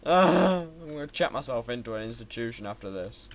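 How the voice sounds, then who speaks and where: A man's voice: medium pitch, expressive, normal speed, dry recording. A young man commentating his own platformer run in a frustrated way, swearing constantly at the game. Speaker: gamer playing a platformer. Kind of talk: swearing let's-play commentary. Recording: loud typing and keyboard clicks behind.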